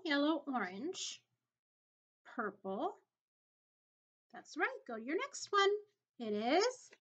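A woman teacher leads a video lesson for young children. Her high voice swings up and down as she takes her time, with a gentle, encouraging singsong. The recording sounds dull and lo-fi.

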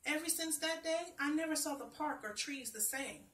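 A woman's voice: sits high, normal speed, fairly bright tone, recorded from a distance. Chatty woman storyteller in an echoey room. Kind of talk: storybook reading.

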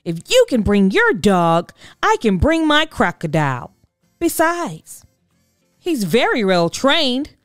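A woman voicing a confident, cheerful young boy with a bright, upbeat manner in a children's storybook. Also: on the high side, big pitch swings, slow, no echo, studio quality, soft background music, pitched above the performer's own voice. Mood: proud.

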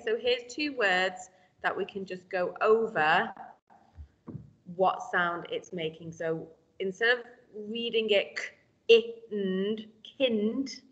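A woman teaching a phonics lesson to young children, sounding out letters slowly and clearly. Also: mid-range voice, a bit bright, highs cut off. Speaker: primary school teacher.

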